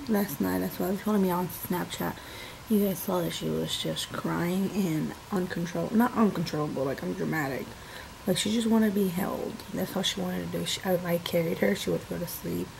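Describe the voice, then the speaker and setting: A woman's voice: mid-range voice, vocal fry, background noise. A young woman talking casually to camera about her day at home, chatty, at times cooing to a fussy baby. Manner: chatty, soothing baby in a sing-song voice. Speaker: vlogger, mother. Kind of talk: casual family vlog talk to camera.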